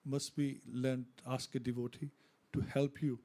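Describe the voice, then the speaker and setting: A man in a temple class discussion, adding a point in a halting, plain way. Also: mid-range voice, flat delivery, warm tone. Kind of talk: informal devotional discussion. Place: temple hall.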